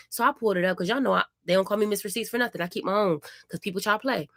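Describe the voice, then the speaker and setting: A woman vlogging from home, a mother telling a story in a chatty, animated way and acting out the lines of the people in it. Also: medium pitch, racing, no room sound, clean studio sound. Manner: animated, chatty retelling with acted-out quotes. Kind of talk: casual vlog storytelling.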